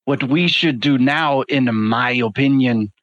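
A man playing a tabletop game, speaking in a formal, measured way. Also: medium pitch, fairly bright tone, no echo, lo-fi sound. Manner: formal, measured in-character speech. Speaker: player.

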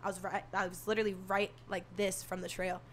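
A soft-spoken young woman telling a story in casual talk, animated and profane, acting out what people said. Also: medium pitch, fast, a little hiss or hum. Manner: animated, swearing, acts out quotes.

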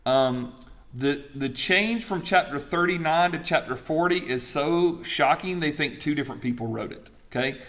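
A man teaching a Bible study class in a lively, chatty way, asking the group questions. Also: on the high side, moderate pace.

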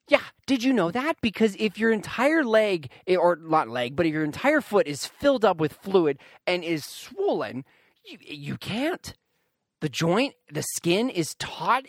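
A young man telling a personal story in a casual monologue, animated and emphatic, often addressing his listeners directly. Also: fairly high pitch, no room sound.

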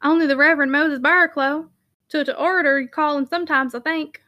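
A sly, talkative Yorkshire mill worker, as a woman reads him, rambling in broad dialect. The voice stays close to her own bright tone. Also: high-pitched, steady tone, fairly quick. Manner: sly, gossipy, dialect-rich.

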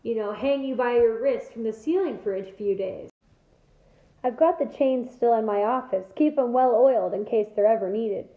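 A woman reading aloud doing a cruel old caretaker, sneering and gloating, with a fairly high voice. It is a storybook read-aloud in a roomy space, coming through a tinny, phone-like line. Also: moderate pace, natural voice. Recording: echoey room over a thin phone-like line.

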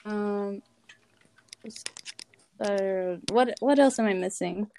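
A woman's voice: mid-range voice, very slow, mellow. A woman in a casual podcast chat who laughs, swears and hesitates with fillers. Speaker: podcast guest.

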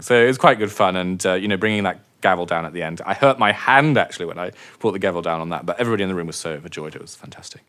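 Deep-voiced jokey man. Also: a bit bright. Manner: jokey, self-mocking, laughs often. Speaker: wine specialist and auctioneer, guest. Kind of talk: casual interview chat.

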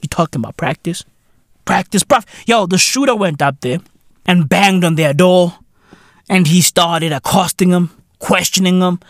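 A man's voice: high-pitched, measured pace, no room sound, studio quality. A man hosting a podcast, ranting in a comedic monologue full of slang and swearing, often breaking into laughter. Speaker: podcast host.

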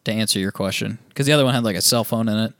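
A man's voice: on the low side, racing, fairly bright tone, dry recording. Joking, teasing man on a dry mic. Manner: joking, teasing, swears freely. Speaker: podcast co-host. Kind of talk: casual chat.

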